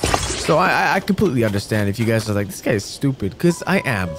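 A man's voice: medium pitch, big pitch swings, fast. A man giving casual, goofy let's-play commentary, mocking himself and talking to the game characters. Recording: game music behind voice.

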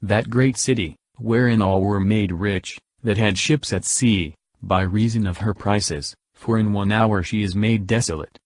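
A man reading Bible scripture aloud in a slow, measured recitation. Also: lowish voice, a little mellow, no echo, studio quality. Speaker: scripture reader.

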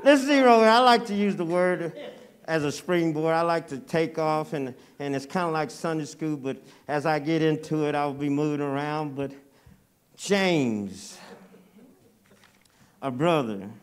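Slow, stammering guest preacher in church. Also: male voice, a little high, clean tone. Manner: stammering repeats, conversational, folksy. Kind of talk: Baptist sermon. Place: church sanctuary.

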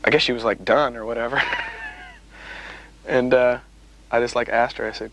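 A man's voice: medium pitch, steady tone, moderate pace, pauses often, fairly bright tone, low-quality recording. A man being interviewed as a musician, telling stories in a wry, rambling way with lots of fillers. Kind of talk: casual interview chat.

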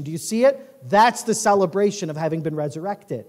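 A male pastor preaching a sermon, reading scripture in a loud rising voice and dropping low for asides. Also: fairly quick. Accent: American Midwest. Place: church sanctuary.

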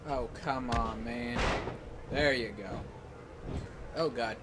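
Male gaming host doing live commentary, slow delivery, loud outbursts, noisy backdrop. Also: medium pitch. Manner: yelling excitedly at the game, frustrated outbursts.

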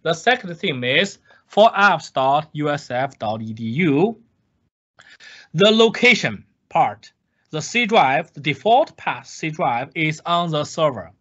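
A man lectures slowly but animatedly in a fairly high, fairly bright voice for a recorded screen-share course. Emphatic and repetitive, he restates key points and answers the questions he puts to the class. It's captured in dull, lo-fi audio.

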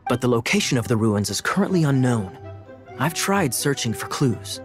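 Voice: medium pitch, big pitch swings, moderate pace, natural voice. An actor voicing a dramatic, secretive young man who boasts about a pirate grandfather in a game. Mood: storytelling. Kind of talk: game dialogue. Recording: game audio with faint music.

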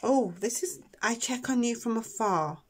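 A woman giving a chatty, emotional tarot reading, soft-spoken with many ums, tearing up at times. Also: a little high, expressive, moderate pace, breathy edge. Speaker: tarot reader. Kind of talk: pick-a-card tarot reading.

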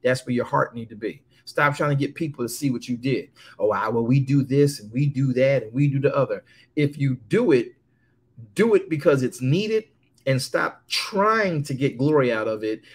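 A man preaching a sermon, reading scripture slowly and calling out to his congregation. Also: medium pitch, husky. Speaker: pastor.

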